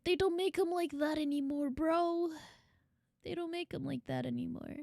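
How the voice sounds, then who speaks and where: A woman's voice: sits high, moderate pace, vocal fry, a little mellow, no echo, clean studio sound. A woman VTuber streaming a casual reaction, emotional, laughing often and swearing freely.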